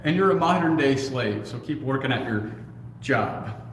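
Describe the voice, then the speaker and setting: A man's voice: mid-range voice, lively intonation, moderate pace. A man co-hosting a casual livestream, reading viewer comments aloud and answering them in a joking, laid-back way with casual swearing. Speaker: co-host. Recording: echoey room with faint noise.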